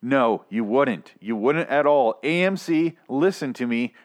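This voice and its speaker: A man's voice: mid-range voice, animated, measured pace. A man hosting a podcast who rants through a TV review in a casual, profane, sarcastic and exasperated way.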